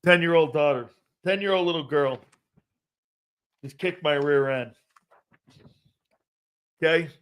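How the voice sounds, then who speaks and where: Brief: male sports talk host, slightly high voice, loud, animated, jokey. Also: a little slow, pauses often, smooth. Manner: loud, animated, jokey, talks straight to viewers. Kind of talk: live-stream sports talk reading chat.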